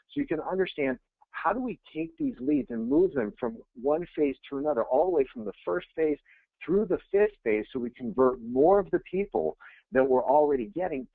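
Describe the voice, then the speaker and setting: A man, a real estate coach, giving an energetic, conversational webinar presentation and repeating phrases for emphasis. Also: fairly high pitch, vocal fry, no room sound. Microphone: webinar audio feed. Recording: tinny phone-like line, dry.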